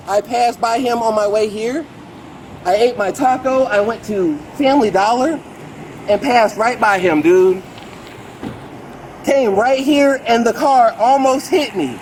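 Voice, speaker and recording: Man, late 30s, very high voice, agitated, rambling, outdoors, body cam, faint background noise. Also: rough recording. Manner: rambling, excitable, repeats "bro". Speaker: complainant speaking to police. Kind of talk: agitated street account to an officer. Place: outdoors beside a road. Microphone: police body camera.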